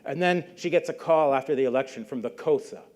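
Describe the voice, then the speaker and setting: Speaking quickly in a mid-range, darkish voice, a middle-aged man delivers a public lecture as a guest speaker. He narrates a story conversationally, slipping briefly into the voices of those he quotes.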